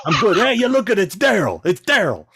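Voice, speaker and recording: A man mimicking a pushy, squeaky-voiced fan. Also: huge pitch swings, fast, creaky, bright, forceful tone, a little hiss or hum, exaggerated voice. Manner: evasive, overeager, high-pitched. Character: pushy male fan ignoring staff.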